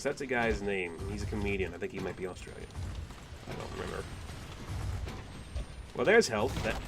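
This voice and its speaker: A young man giving casual let's play commentary, animated, exclaiming and groaning at the game. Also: on the low side, moderate pace, long pauses, slight background noise. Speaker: gaming commentator.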